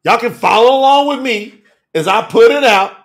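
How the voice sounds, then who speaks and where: A man preaching an emphatic, folksy sermon in a high, gravelly voice. He talks straight at his listeners, hammers points over and over, and sinks to a low murmur for stress. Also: normal speed. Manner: emphatic, repetitive, folksy and direct, with sudden drops to a low murmur. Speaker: preacher teaching scripture. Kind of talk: fiery sermon to a live stream audience.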